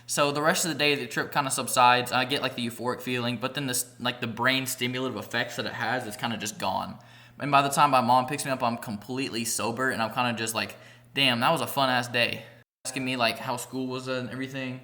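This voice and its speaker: A man's voice: mid-range voice, steady tone, fast, sharp tone. A young man vlogger telling a rambling, profane story in a casual storytime vlog, packed with "like" fillers. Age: young adult.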